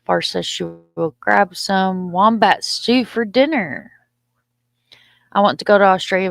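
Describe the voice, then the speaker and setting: A woman's voice: on the low side, gravelly, dry recording, clean studio sound. A middle-aged woman, hosting a casual live stream, reading comments aloud in a chatty, loose and profane way. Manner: chatty, loose and profane, stumbles over words.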